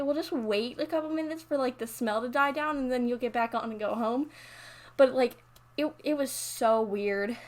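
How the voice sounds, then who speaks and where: A teenage girl telling a rambling story in casual chat, full of "like" and restarts. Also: fairly high pitch. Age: teens. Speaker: YouTuber narrating over a speed build.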